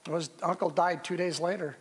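Pastor preaching in an echoing church. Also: male voice, fairly high pitch, fairly even intonation, slightly rough. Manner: earnest storytelling, pauses and restarts. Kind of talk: sermon. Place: church sanctuary. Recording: long reverb of a church hall.

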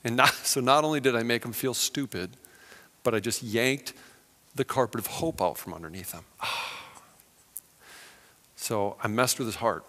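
A man's voice: mid-range voice, moderate pace, pauses often, pushed and bright. A man preaching a conversational, self-deprecating sermon and telling a story with acted-out quotes. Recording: long hall reverb.

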